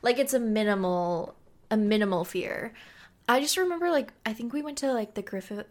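A woman's voice: fairly high pitch, fairly quick. Laughing young woman in podcast banter. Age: 20s. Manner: laughs often, relaxed banter. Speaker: podcast co-host. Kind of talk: casual chat.

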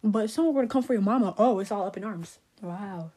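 A young woman with Haitian roots giving her opinions in a sassy, animated way, full of "like" and rhetorical questions. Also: medium pitch, quick pace, slightly rough. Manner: sassy, animated, lots of fillers. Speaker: vlogger. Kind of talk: casual opinion rant.

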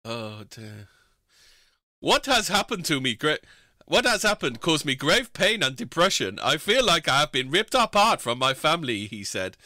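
A man hosts a casual podcast, reading aloud with heavy sarcasm and frequent laughter. His voice is sharp and very bright, a touch higher than most men. It sits close and dry on the mic. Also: sing-song, moderate pace, no echo. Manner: sarcastic, laughs often, swears a lot. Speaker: podcast host.

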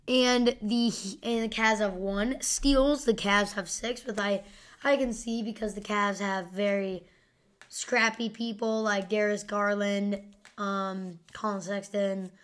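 A woman's voice: medium pitch, fairly bright tone. Rambling young woman reading sports stats. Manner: rambling, filler-heavy, thinking aloud. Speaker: podcast host. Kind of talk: casual live sports stat commentary.

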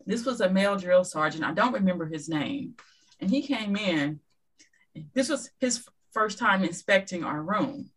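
Husky, animated woman telling stories. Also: mid-range voice, normal speed, low-quality recording. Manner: lively storyteller who acts out dialogue. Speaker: podcast guest. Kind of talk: casual chat.

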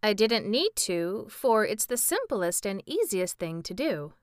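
A woman's voice: mid-range voice, sing-song, measured pace, no echo, clean studio sound. A woman reading the part of a cheerful, simple pumpkin-headed man in a storybook, speaking mildly.

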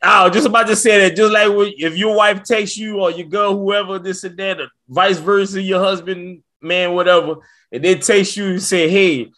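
High-voiced man, blunt and cursing. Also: steady tone, pushed and bright. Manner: blunt, cursing, quick to laugh. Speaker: podcast co-host. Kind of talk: casual podcast chat.

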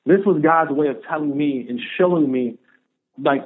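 A man telling a personal story in an interview, animated and acting out the dialogue he quotes. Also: a little high, moderate pace. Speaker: podcast guest, former pro football player. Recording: narrow phone-like audio.

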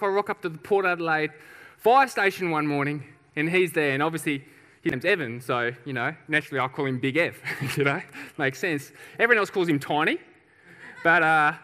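A man preaching a sermon, telling a personal story with laughs and acted-out shouts. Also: on the high side, fairly quick. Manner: lively storyteller, laughs often, acts out shouts. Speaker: pastor. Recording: reverberant hall.

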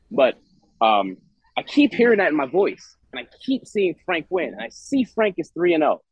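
A man co-hosting a casual podcast, his voice swinging up and down as he rambles and restarts. There is a husky edge to his fairly high voice. The audio is dry and a little dull. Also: no echo. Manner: animated, rambling, restarts a lot. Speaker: podcast co-host. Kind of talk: casual chat.

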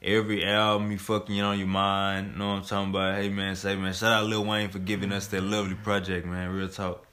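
A man's voice: low-pitched, completely flat delivery, brisk, bright, forceful tone. A man co-hosting a podcast, talking in loose, profane, slangy banter full of filler phrases. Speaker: podcast co-host. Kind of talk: casual chat.

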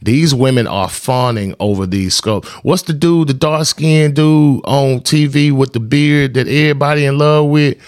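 A middle-aged man hosting a podcast in casual chat, animated and laughing, swinging from loud outbursts to low, earnest talk. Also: normal speed, hardly any pauses, dry recording, clean studio sound. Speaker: podcast host.

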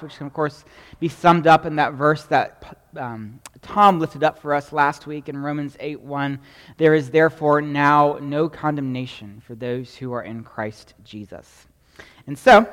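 A man with a slightly high voice preaches in a chatty, teaching manner. He keeps checking in with his listeners, and his voice rings out with a long hall reverb. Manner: conversational preaching with frequent "right?" asides. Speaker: pastor. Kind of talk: sermon.

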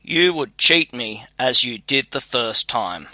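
A man's voice: mid-range voice, expressive, slow, pushed and bright, dry recording, heavily acted. A man reading a clever young scholar son. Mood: calm.

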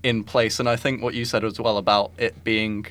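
A man's voice: fairly low pitch, little pitch movement, normal speed, a bit bright. A man co-hosting a podcast, chatting casually about films, with lots of "like" and "I think" fillers. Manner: rambling, many "like" and "I think" fillers. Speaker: podcast co-host. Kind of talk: casual film discussion.

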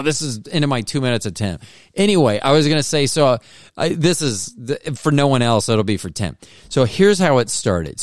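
Low smooth-voiced man rambling through a story. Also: no echo, studio quality. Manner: rambling, self-interrupting, restarts sentences. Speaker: podcast host. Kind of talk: casual comedic storytelling.

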